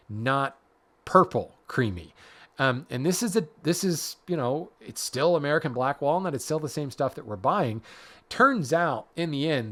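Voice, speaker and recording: A man's voice: medium pitch, a bit bright. A man hosting a woodworking podcast, explaining wood grading and color in a casual, self-deprecating way that often restarts mid-sentence. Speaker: podcast host, hardwood lumber expert.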